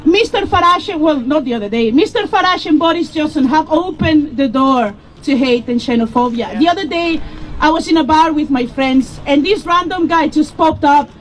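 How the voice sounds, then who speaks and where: A woman's voice: high-pitched, normal speed, poor audio. A young woman giving a fervent speech at an outdoor political rally, laughing between points. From EU country outside the UK. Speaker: rally speaker.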